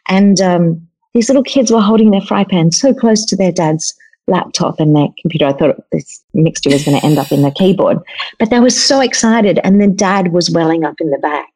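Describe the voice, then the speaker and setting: A woman in casual podcast chat over a video call, telling stories in a chatty, expressive way. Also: fairly low pitch, fairly quick, breathy edge, poor audio. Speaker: guest cook and author.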